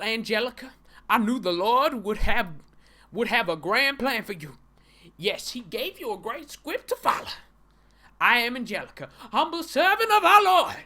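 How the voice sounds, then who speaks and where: A man voicing a righteous angel woman as a loud, sermon-like preacher in a mock comic reading. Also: very high-pitched, pitched above the performer's own voice, heavily acted.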